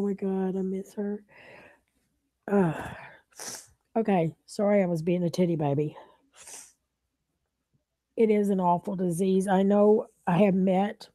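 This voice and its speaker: A woman's voice: mid-range voice, mellow, dry recording. A middle-aged woman, chatting emotionally and rambling to her viewers. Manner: rambling, emotional, repeats herself. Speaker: vlogger. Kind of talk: emotional casual chat to viewers.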